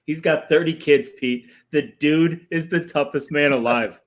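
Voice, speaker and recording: A man co-hosting a sports podcast in casual chat, jokey and quick to laugh, making confident hot takes. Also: a little high.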